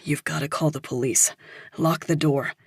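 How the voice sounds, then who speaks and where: A woman's voice: low-pitched, steady tone, moderate pace, husky, no room sound, studio quality. A woman reading the lines of a frightened, wounded man in an audiobook, terse and anxious.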